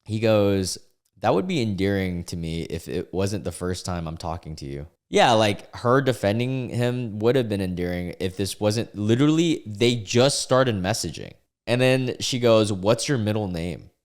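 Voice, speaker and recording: A man's voice: lowish voice, lively intonation, normal speed. Young man reacting to posts in disbelief. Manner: incredulous, reads posts aloud and reacts. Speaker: YouTuber reading and reacting to posts. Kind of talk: casual reaction commentary.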